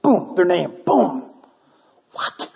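A man preaching a sermon in a high, lively voice that leaps up and down as he acts out prayers and bits of dialogue. His playful delivery rings out with a long reverb from a big hall. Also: moderate pace. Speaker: pastor.

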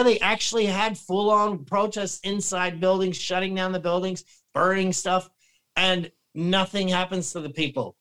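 A man talking as a guest on a casual podcast, rambling and animated, restarting sentences and clearing his throat. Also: high-pitched, rough recording.

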